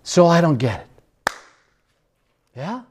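A man preaching a sermon with passion, stretching key phrases slowly and breaking into a sung refrain. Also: a little high, very animated, slight background noise. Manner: impassioned, sings a hymn refrain; drawn-out emphatic phrases.

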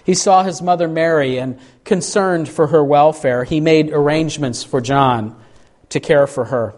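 A man's voice: a little high, a little slow, darkish tone. A man preaching a sermon, speaking earnestly and reading scripture with dramatic emphasis.

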